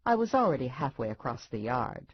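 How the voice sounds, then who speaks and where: A woman narrates a first-person audiobook briskly, adding wry, deadpan asides while her pitch moves around a lot. Her voice is slightly husky, and the recording is dry and dull, with no room sound and no crispness.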